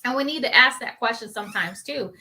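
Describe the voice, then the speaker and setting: A woman's voice: on the high side, fast, pushed and bright. A woman co-hosting a talk show panel, giving earnest advice in casual chat. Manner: earnest, advice-giving, quotes herself in asides.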